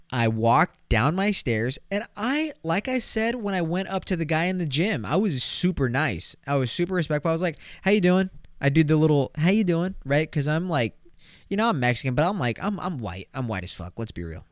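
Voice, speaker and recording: A young man from California hosting a solo podcast, telling stories in a slangy, profane, animated way. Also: a little high, no echo, clean studio sound. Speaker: podcast host. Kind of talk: casual solo podcast monologue.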